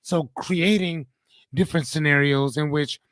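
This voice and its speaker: A man hosting a live coaching stream, reading viewer comments and answering them in an animated, joking, slangy way. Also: on the high side, a little slow, dry recording. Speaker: host and coach.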